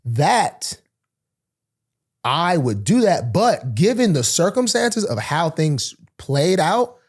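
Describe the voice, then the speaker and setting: A man's voice: on the high side, slow pace. A man in his twenties, a football player guest, telling a story in casual chat and acting out the lines of the people in it. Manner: animated, acts out quoted dialogue, many fillers.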